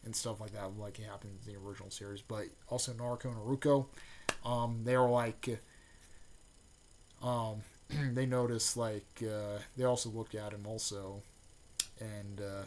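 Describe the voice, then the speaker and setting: A man casually recapping a fan-made story, rambling with lots of fillers and restarts, and with excited bursts on the action beats. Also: lowish voice, moderate pace, a little hiss or hum.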